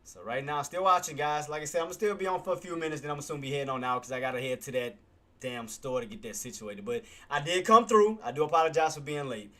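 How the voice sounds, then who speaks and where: This day-trading streamer has a high, bright, forceful voice and speaks fast. His live market commentary is laid-back and slangy, and he refers to viewers as "boss" and "man."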